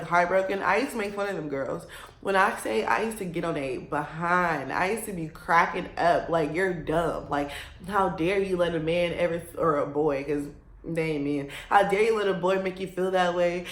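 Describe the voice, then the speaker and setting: A young woman in her twenties talks to her viewers in a loose, confessional way, wandering through her thoughts and laughing now and then. Her voice sits slightly low for a woman, and the room gives it a noticeable echo. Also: a bit bright. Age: 20s. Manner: rambling, candid, laughs between remarks. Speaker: vlogger. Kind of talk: casual confessional chat.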